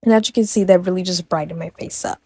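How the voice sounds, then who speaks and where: A woman's voice: fairly low pitch, fairly even intonation, fast, mellow, no room sound. A young adult woman talking through a makeup tutorial in a casual, chatty way, tossing in playful asides and correcting herself as she goes. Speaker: makeup vlogger.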